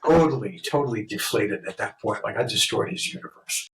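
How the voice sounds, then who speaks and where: This time the New York tattoo artist's voice is lowish and slightly fast, captured in a low-quality recording with slight background noise. He remains a profane, laughing, lively storyteller chatting casually as a guest.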